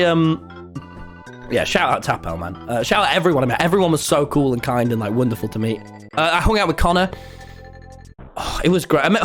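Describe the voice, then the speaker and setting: A man, telling a story to his live chat in an excitable, rambling way. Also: on the high side. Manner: excitable and rambling, with many restarts. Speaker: streamer.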